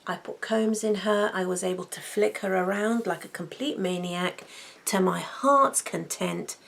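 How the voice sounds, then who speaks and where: A woman in a relaxed, intimate chat, gushing and repeating words for emphasis. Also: medium pitch, measured pace, vocal fry. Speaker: wig vlogger.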